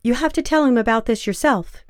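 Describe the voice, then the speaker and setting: A woman voicing a desperate young woman who pleads in a soft, hushed way. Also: a little high, fairly quick, no room sound, clean studio sound, pitched above the performer's own voice, lightly acted. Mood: urgent.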